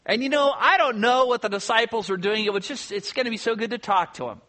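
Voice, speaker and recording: A man's voice: very high-pitched, fast, pushed and bright. A man preaching a sermon to his congregation, conversational, posing rhetorical questions and answering them. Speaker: pastor.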